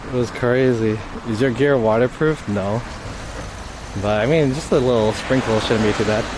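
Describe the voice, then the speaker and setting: A man's voice: mid-range voice, moderate pace. Rambling cursing man streaming outdoors. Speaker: IRL streamer. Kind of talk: casual live-stream storytelling. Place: outdoors on a city street in light rain. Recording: street noise behind.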